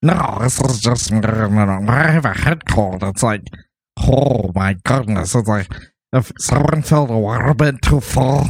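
A man's voice: mid-range voice, normal speed, creaky, slightly rough. A man voicing a corny male melon-headed creature delivering pickup lines, in an improvised comedy sketch.

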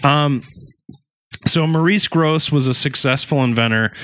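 A man's voice: fairly high pitch, a little slow, a bit bright. Profane rambling male podcast host. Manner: rambling, profane, laughs often. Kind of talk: casual comedic podcast storytelling.

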